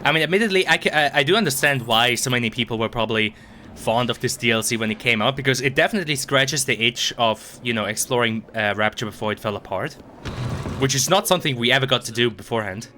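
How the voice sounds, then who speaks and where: A man's voice: medium pitch, quick pace, sharp tone, slight background noise. A man streaming a game, rambling and swearing casually as he thinks aloud. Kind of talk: casual gameplay commentary.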